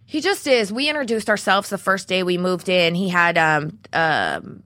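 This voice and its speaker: Casting: young woman podcast co-host, lower-pitched, bright and forceful, profane storyteller, dry close sound. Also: expressive, moderate pace, no room sound. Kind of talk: casual chat.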